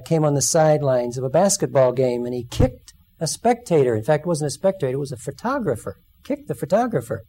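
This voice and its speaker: Guy preaching, mellow dark tone, acts out quotes in his stories. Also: a little high. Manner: storytelling, acts out quoted lines. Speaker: speaker. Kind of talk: sermon.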